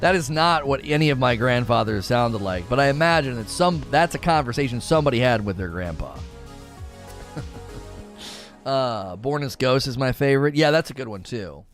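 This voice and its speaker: A man's voice: medium pitch, moderate pace, soft background music. A man in his thirties chatting casually on a live stream, answering chat with frequent laughter and playful asides. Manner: animated, laughs often, slips into playful character voices.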